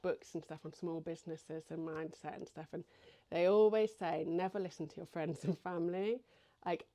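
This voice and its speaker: Chatty English woman, lowish voice. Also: mellow. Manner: chatty, lots of "like" and "you know". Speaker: small business owner vlogger. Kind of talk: casual chat to camera.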